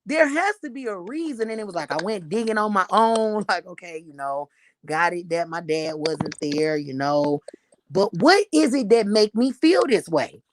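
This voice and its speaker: Thirties woman talking real open with the group, lots of "like," faint hiss. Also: medium pitch. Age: 30s. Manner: frank, confessional, talks in bursts with many "like"s. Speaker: podcast co-host. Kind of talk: candid group chat.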